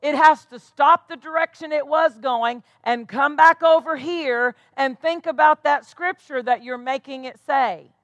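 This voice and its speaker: Woman pastor preaching, high bright voice, lots of questions to the church, dry close sound. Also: unhurried, hardly any pauses, no room sound. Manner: emphatic preaching with rhetorical questions to the congregation. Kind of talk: sermon.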